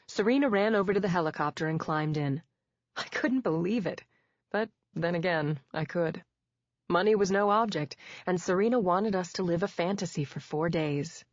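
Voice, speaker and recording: Woman narrator, low voice, wry and measured first-person read; dull, dry studio sound. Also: no room sound. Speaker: audiobook narrator.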